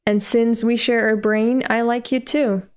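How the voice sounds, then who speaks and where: A woman voicing a teasing war-devil girl who shares a schoolgirl's body, reading her lines flat and matter-of-fact. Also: on the high side, measured pace, natural voice.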